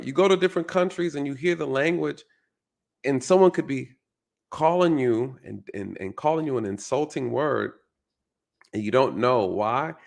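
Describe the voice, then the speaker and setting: A man's voice: medium pitch, creaky. A male channel host giving a casual, reflective commentary monologue, often repeating his phrases and checking in with "right?".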